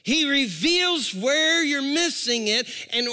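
Bright, lively-pitched male preacher. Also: slow, in a large hall. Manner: animated, repeats words as he preaches, calls out to the congregation. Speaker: pastor. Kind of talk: sermon.

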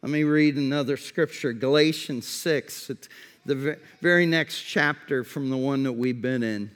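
A male pastor preaching a sermon with emphatic delivery, repeating key phrases and sinking to a quiet tone to stress a point. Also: medium pitch, moderate pace. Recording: long reverb of a large hall.

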